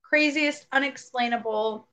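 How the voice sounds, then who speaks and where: A woman's voice: high-pitched, a little slow. A young adult woman co-hosting a podcast, telling a story in casual chat and acting out the quotes. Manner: animated, acts out quotes. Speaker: podcast co-host. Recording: dull lo-fi recording.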